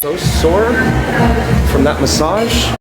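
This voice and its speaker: A man from Florida with a Southern accent, chatting casually as a cruise vlogger in an animated, talkative way. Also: fairly high pitch. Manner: animated, chatty, switches into halting Spanish. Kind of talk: casual chat. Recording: loud music and crowd around the mic.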